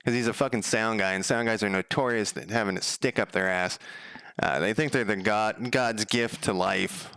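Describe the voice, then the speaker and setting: This livestream of game coding features a man speaking at a moderate pace, his tone clean and echo-free. He swears casually and uses lots of fillers while rambling through a tale, getting louder and higher when he quotes people.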